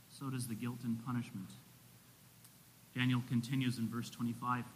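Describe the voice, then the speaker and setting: A man preaching a sermon to a congregation, earnestly rising for emphasis and dropping low on solemn points. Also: pushed and bright, rough recording. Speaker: pastor.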